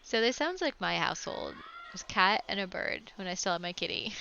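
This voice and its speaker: A woman streaming a game, reading its text aloud and chatting with a giggly, animated manner. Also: medium pitch, brisk, creaky, a little hiss or hum. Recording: dull lo-fi stream audio with music.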